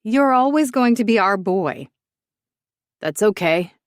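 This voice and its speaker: A dry-witted mother figure , played by a woman reading a story, answers in a brisk, deadpan way. The sound is close and dry with no room. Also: medium pitch, dry recording, voice pushed up.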